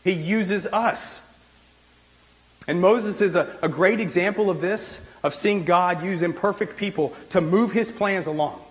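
High-pitched male pastor, casual sermon delivery, relaxed conversational preaching. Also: unhurried, low-quality recording. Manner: conversational preaching with frequent "like" and restarts.

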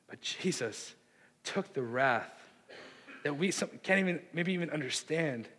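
A man's voice: a little high, expressive, measured pace. Earnest male preacher in a reverberant hall. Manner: earnest preaching that swells from hushed to impassioned. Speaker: pastor. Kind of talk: sermon. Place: church sanctuary. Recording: long reverb of a large hall.

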